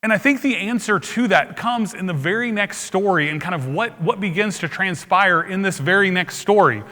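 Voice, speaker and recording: Bright-voiced male preacher in a reverberant hall. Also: high voice, lively intonation, moderate pace, few pauses. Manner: conversational, explaining scripture plainly. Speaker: pastor. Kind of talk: sermon. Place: church sanctuary.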